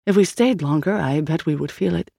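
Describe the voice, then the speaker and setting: Lady doing a calm bookish magic expert, measured and even, dry sound. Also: sits low, creaky, breathy edge, no echo, exaggerated voice. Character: calm, scholarly woman magician.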